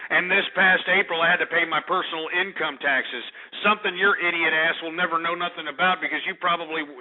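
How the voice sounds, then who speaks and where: A man hosting a call-in radio show, ranting brashly and insulting his callers. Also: high voice. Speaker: radio talk show host. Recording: narrow phone-like radio audio.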